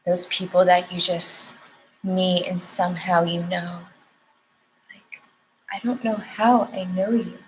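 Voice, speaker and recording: Young woman card reader, soft affirming tone, emotional, faint hum behind. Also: fairly low pitch, flat delivery, takes it slowly, pauses often, low-quality recording. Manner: tender, emotional, affirming, near tears. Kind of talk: spiritual card reading with affirmations.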